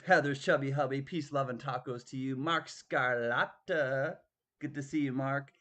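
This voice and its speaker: A man's voice: mid-range voice, steady tone, normal speed, a bit bright. A man hosting a live online auction, greeting viewers by name in a playful, drawling way with bits of song. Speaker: auction host. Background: guitar music.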